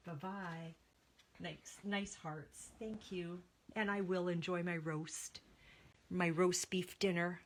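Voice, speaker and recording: A woman's voice: fairly low pitch, fairly even intonation, takes it slowly, poor audio. A woman hosting a live papercraft stream from her home studio, chatting casually with viewers, reading out their names, with a tickle in her throat that makes her cough. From Canada. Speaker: papercraft livestream host.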